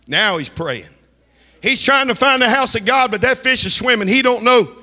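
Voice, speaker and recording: A man preaching a sermon, fiery and shouting, often breaking into a chanted delivery. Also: very high voice, lively intonation, normal speed. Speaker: pastor. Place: church hall. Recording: reverberant church hall.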